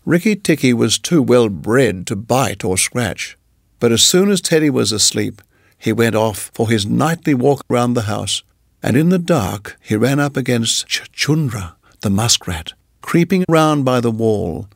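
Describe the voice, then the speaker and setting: A man narrating a storybook in a measured, even reading voice. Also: medium pitch, creaky, dry recording, studio quality.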